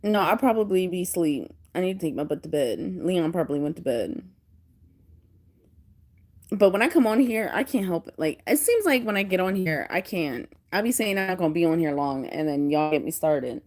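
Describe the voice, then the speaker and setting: A woman's voice: on the low side, normal speed. A woman in her thirties from Pennsylvania, chatting casually with live viewers, laughing often and telling stories animatedly. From Pennsylvania, United States. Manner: laughs often, animated storytelling with playful put-on voices. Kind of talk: casual livestream chat.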